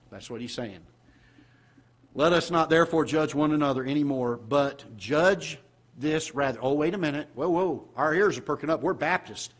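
A pastor with a Southern American accent preaches in a church auditorium, his voice on the high side at a moderate pace. He asks the congregation questions and swings between loud exclamations and quiet asides.

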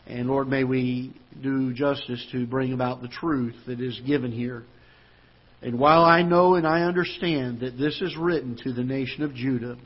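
Husky-voiced preacher in a church broadcast. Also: male voice, mid-range voice, dull audio. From United States. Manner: preaching with swelling emphasis, slowing on scripture; joking aside to the congregation. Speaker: pastor. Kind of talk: sermon. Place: church auditorium.

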